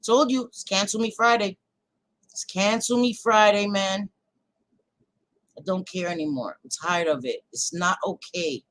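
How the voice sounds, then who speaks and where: A woman hosting a livestream, ranting to her chat in a heated, profane casual way that swings between loud outbursts and quieter stretches. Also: mid-range voice, a little slow, low-quality recording. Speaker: livestream host.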